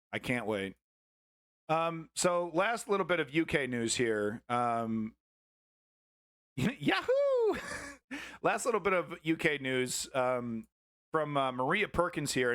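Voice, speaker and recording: A man's voice: mid-range voice, fairly bright tone. A man hosting a live news stream, chatting casually, laughing and rambling. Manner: laughing, rambling, self-mocking.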